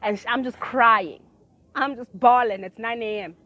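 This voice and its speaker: A woman telling a personal story in casual chat. She swings from low mutters to loud outbursts and often laughs as she talks. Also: normal speed, no room sound. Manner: laughs through her own story.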